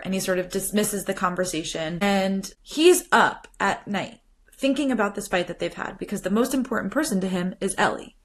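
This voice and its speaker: A woman hosts a podcast of casual solo commentary, talking animatedly and retelling scenes with quoted lines and lots of "like." Her voice is mid-range and a little fast.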